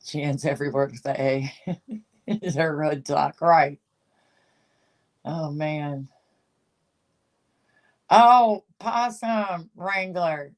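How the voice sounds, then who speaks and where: Slow, gossipy, sarcastic livestream host. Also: medium pitch. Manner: gossipy, sarcastic, laughs often, greets commenters. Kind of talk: casual gossip commentary, reading chat.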